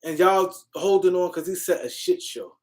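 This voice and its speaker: A woman's voice: on the low side, moderate pace, a little mellow. A woman hosting a live-stream sports show, ranting in a heated, argumentative way and repeating her points. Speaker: sports commentary host.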